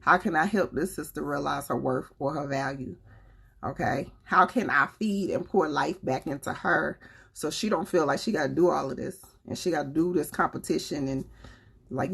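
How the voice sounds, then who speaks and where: A woman's voice: low-pitched, expressive, moderate pace, vocal fry, fairly bright tone, husky. A woman with a Southern US accent hosting a live stream, talking with viewers in an earnest, preachy and colloquial way. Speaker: livestream host. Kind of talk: casual live chat with viewers.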